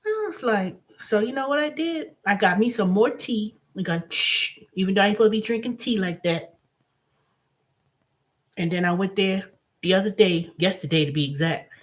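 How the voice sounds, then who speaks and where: A woman hosting her own channel, telling a story in a casual, animated monologue with blunt, profane language. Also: medium pitch, moderate pace. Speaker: host.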